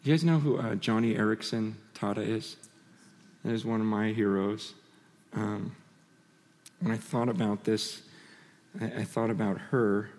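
A man preaching a sermon, swinging between animated bursts and hushed, intimate storytelling. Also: fairly low pitch, unhurried, pauses often. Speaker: pastor. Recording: long reverb of a large hall.

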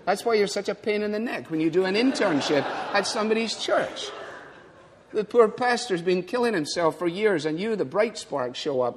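A man's voice: sits high, lively intonation, normal speed, big-room sound. An older man preaching a sermon as pastor, emphatic and repeating lines for effect.

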